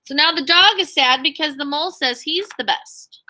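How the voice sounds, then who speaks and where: A woman teacher leading an online reading lesson over a video call, reading a picture book aloud and asking her pupils questions in an animated way. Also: sits high, moderate pace.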